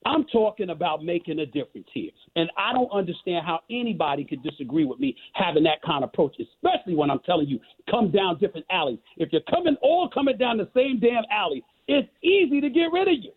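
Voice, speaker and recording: A middle-aged man with a New York accent comes through a thin, phone-like line, his voice a little husky. He argues with force and emphasis, repeating phrases to drive his point home like a sermon. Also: high voice, sing-song, fast talker, few pauses. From Queens, New York. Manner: forceful, emphatic and preachy, with repetition. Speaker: guest. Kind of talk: impassioned interview talk.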